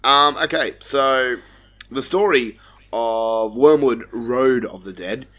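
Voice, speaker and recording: A man's voice: mid-range voice, slow, a bit bright. A man with an Australian accent, hosting a casual film review chat and swearing freely as he talks. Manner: laid-back, swears freely, frequent restarts. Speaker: podcast host.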